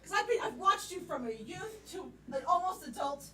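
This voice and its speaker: A woman in a live improv scene playing a rambling, emotional high school football coach. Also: lively intonation, moderate pace, pushed and bright, exaggerated voice. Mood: earnest. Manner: rambling, choked-up pep talk. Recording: echoey stage sound from a distant mic.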